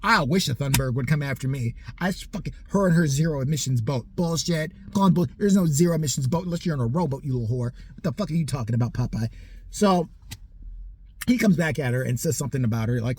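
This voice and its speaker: A man's voice: on the high side, expressive, fast, slightly rough. A man in his forties delivering a profane, mocking comedic rant in a heated way. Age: 40s. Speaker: comedic ranter.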